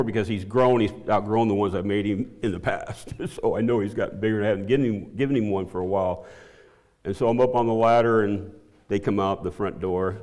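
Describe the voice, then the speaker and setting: A middle-aged man giving a spoken testimony to his church, halting with many restarts and frequent laughs, his voice climbing higher and louder as he gets excited. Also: long reverb tail. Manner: voice climbs high and loud when excited.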